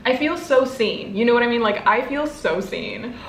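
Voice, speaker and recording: A woman in her twenties, a book vlogger, gushing and gasping with excitement as she unboxes gifts. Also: on the high side, moderate pace, reverberant, a little hiss or hum.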